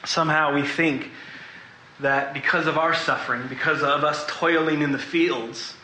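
A man gives a sermon in an echoey church hall, with a bright, forceful, slightly high voice. He speaks earnestly and confessionally, drawing the congregation in with questions. Faint room ambience sits under his words. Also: steady tone, normal speed, slight background noise. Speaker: preacher.

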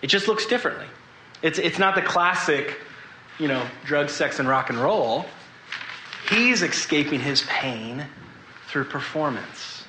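A man preaching a sermon to a congregation, earnest and confessional, pausing to ask them questions. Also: a little high, expressive, echoey room, noisy background.

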